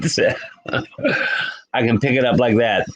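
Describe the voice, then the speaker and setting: A man's voice: medium pitch, fairly bright tone, breathy edge, rough recording. A man hosting a late-night live stream from home, chatting loosely and greeting viewers in the chat by name. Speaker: livestream host. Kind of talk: casual live-stream chat reading comments.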